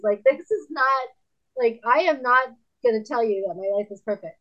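A woman in her fifties, a podcast guest and author, telling candid stories in a lively way, laughing often and acting out other people's lines in a higher voice. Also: a little fast, highs cut off. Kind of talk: candid conversational storytelling.

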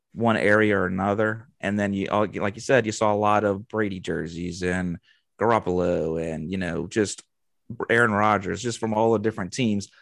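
Gravelly low male co-host, dry sound, easygoing talk. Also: no echo. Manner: relaxed, talks in loose run-on clauses. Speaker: podcast co-host. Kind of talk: casual sports chat.

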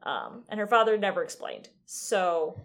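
A woman co-hosting a podcast, casually retelling a video game's plot in a relaxed way. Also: mid-range voice, unhurried. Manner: relaxed storytelling recap, drifting off mid-sentence. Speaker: podcast co-host. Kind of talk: casual chat recapping a video game.

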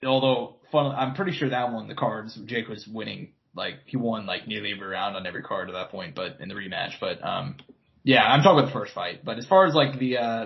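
A man's voice: medium pitch, creaky, muffled recording. A man co-hosting a podcast in casual chat, swearing often and repeating words as he thinks. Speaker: podcast co-host. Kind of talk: casual chat about boxing.

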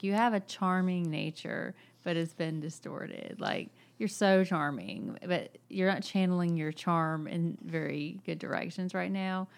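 A woman co-hosting a casual book discussion, talking in a thoughtful, measured way with occasional fillers. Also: fairly low pitch, creaky. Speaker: podcast co-host.

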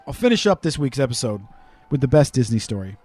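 A man hosting a podcast and telling a comic anecdote in a casual, profane, animated way. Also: mid-range voice, fast talker, slightly rough, faint music behind. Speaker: podcast host. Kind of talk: casual storytelling chat.

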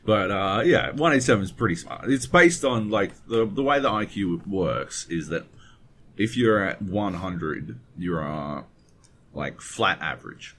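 A man's voice: low voice, lively intonation, a little slow, a bit bright, a little hiss or hum. A man co-hosting a podcast, rambling casually and swearing freely as he talks into a webcam setup. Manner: profane, rambling, digressive. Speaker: podcast co-host. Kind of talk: casual chat. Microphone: webcam setup at home desk.

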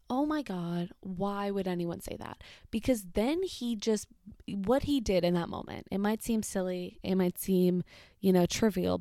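Chatty young woman with a gravelly voice. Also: medium pitch, no room sound, clean studio sound. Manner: chatty, lots of "like", animated retelling with swearing. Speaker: retail worker telling a story. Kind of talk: casual storytime.

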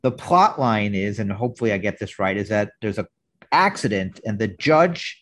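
A man's voice: on the low side, lively intonation, normal speed, a bit bright. Rambling man podcast co-host. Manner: rambling, restarts often. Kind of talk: casual chat.

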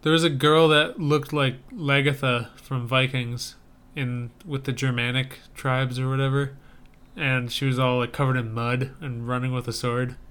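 Reviewing trailers on a podcast, a young adult male co-host talks casually and with enthusiasm, rambling with restarts. He keeps a level tone at medium pitch and normal speed, his voice clean and fairly bright.

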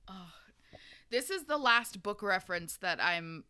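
A woman's voice: medium pitch, animated, measured pace, bright, forceful tone, clean tone. A woman hosting a casual chat about a book, talking loosely with lots of "like" and swearing. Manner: chatty, profane, filler-heavy, giggly. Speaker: podcast host recapping a book.

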